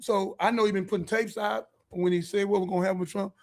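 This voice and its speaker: High-pitched man ranting fiercely. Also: fairly even intonation, fast. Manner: fiery, profane, preachy, bursts into shouting. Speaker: podcast host. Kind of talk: heated monologue.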